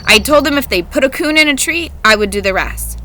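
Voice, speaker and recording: A woman voicing an earnest, determined country boy in a storybook reading, in her own bright voice. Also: high voice, animated, fairly quick, a little hiss or hum, pitched above the performer's own voice, rough recording.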